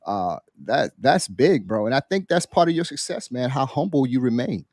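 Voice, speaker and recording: A man's voice: mid-range voice, lively intonation, moderate pace, a little mellow. A man co-hosts a podcast in a mid-range voice. He talks enthusiastically and rambles, full of fillers and restarts. The sound is dry, with no room echo. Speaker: podcast co-host. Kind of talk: casual podcast talk.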